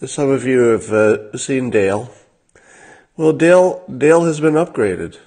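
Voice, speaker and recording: A man hosting a livestream, talking in a casual monologue with a dry, sardonic manner and frequent halting fillers. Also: medium pitch, animated, a little mellow. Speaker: livestream host.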